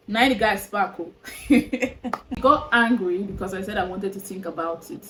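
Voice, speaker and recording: A woman's voice: mid-range voice, normal speed, slight background noise, low-quality recording. Exasperated young woman vlogger. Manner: animated, exasperated, talks straight to viewers. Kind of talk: storytime vlog.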